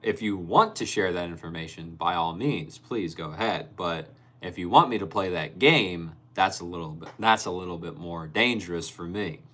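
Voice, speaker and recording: A man's voice: low voice, moderate pace, few pauses, bright, forceful tone. A young man hosting a casual livestream, reading viewer comments aloud and laughing often. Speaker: livestream host reading chat. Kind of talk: casual live-stream chat.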